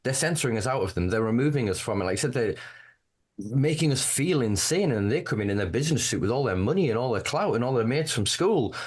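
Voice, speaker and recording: A man's voice: mid-range voice, lively intonation, fast talker, a little mellow, husky. A man with a Northern English accent, talking in a casual podcast chat with passionate, profane ranting. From Northern England. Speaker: podcast correspondent.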